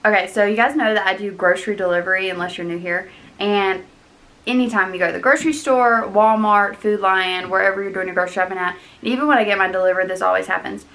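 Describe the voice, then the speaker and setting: A woman's voice: medium pitch, fast talker. A young woman vlogging, chatting casually and acting out other people in quotes. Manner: animated, mimics people in quotes. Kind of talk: casual chat.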